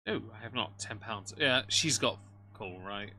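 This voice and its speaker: Man with a sharp, bright voice. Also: fairly low pitch, animated, a little slow, slight background noise. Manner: dry, mocking remarks while greeting chat. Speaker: livestream commentator. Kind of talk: live reaction commentary.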